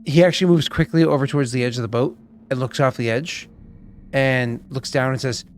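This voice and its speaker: A man's voice: medium pitch, fairly quick. A man narrating a tabletop game as game master, hesitant, with many fillers and restarts.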